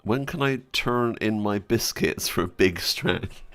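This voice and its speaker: A young man chatting casually and excitedly as a streamer, joking and giggling between wishes. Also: on the low side, measured pace, soft background music. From Britain. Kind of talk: casual gaming chat.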